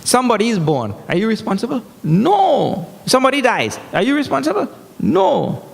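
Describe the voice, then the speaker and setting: A man giving a humorous, animated scripture discourse as a spiritual teacher, breaking into chanted verses. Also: very high voice, moderate pace, creaky, breathy edge. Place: large hall. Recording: echoey hall.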